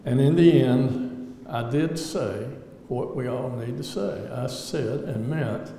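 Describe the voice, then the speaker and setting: Slow and creaky, this man's mid-range voice has a dark tone as he delivers an earnest personal testimony to an audience in a large hall. As a lay speaker, he is reflective with wry humor. The recording picks up the hall's echo, faint ambience, and slight background noise.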